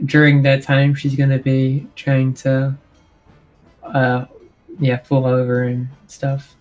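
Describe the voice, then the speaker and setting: A man explains what his character does in slow, level speech, hesitating with ums along the way. Faint music sits behind him. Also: mid-range voice, rough recording. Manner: hesitant, halting with fillers. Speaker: player. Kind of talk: casual tabletop game talk.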